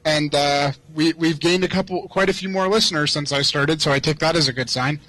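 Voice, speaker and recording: A man's voice: a little high, a little fast, a bit bright, no echo, low-quality recording. A man from the Detroit area calling in over a video call, talking casually and hesitantly, with many restarts. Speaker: caller, radio broadcaster.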